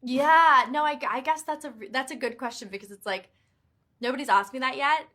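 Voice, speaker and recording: Bright, chatty young British woman. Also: high voice, brisk. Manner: chatty, animated, many fillers. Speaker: actress and author being interviewed. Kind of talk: casual press junket interview.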